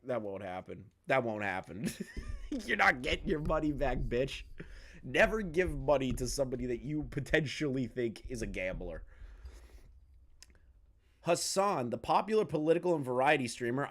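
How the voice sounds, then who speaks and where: Crude ranting male commentator. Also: medium pitch. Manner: crude, mocking, heated ranting. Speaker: commentary YouTuber. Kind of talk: profane reaction commentary.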